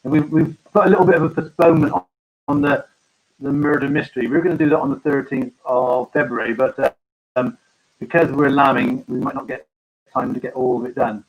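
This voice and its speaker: A man, a farmer, hosting a casual live-stream chat, talking haltingly with many ums and restarts. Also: mid-range voice, vocal fry, highs cut off.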